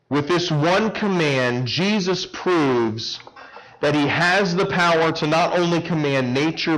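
A man preaching a sermon, swinging from loud raised passages to hushed quiet ones and asking the congregation rhetorical questions. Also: medium pitch, rough recording.

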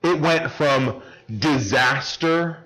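A man preaching a sermon, swinging from loud raised passages to hushed quiet ones and asking the congregation rhetorical questions. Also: mid-range voice, drawn-out words, low-quality recording.

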